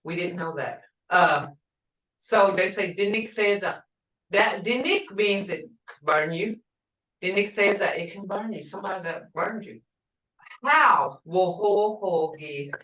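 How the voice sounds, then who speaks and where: An older woman teaching a language class, speaking slowly and patiently and repeating words for her learners. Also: mid-range voice, a bit bright. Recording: roomy and distant from the mic.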